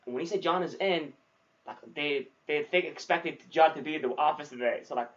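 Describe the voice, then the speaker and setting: A man's voice: a little high, brisk. A young man co-hosting a podcast as a new salesman, chatting casually, swearing often and saying "dude" a lot. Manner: swears freely, says dude often, animated storytelling. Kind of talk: casual chat. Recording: dull lo-fi sound.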